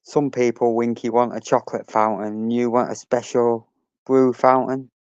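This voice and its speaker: A man's voice: mid-range voice, flat delivery, moderate pace, a little mellow, clean tone, no echo, lo-fi sound. A man hosting a casual live stream, chatting with viewers and greeting them by name.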